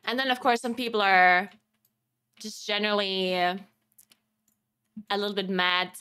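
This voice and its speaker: A woman's voice: medium pitch, steady tone, unhurried, pushed and bright, clean tone. A young woman from South Tyrol chatting casually on her game stream, laughing often and swearing offhandedly. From South Tyrol, Italy. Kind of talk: casual chat while streaming.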